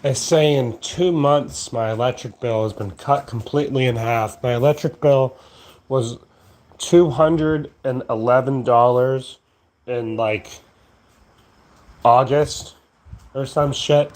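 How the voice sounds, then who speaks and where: Sleepy man rambling slowly at night. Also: mid-range voice, a little mellow. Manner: slow, drowsy, profane, meandering. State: sleepy, yawning. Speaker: vlogger. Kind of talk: rambling late-night monologue. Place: outdoors at night. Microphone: phone camera.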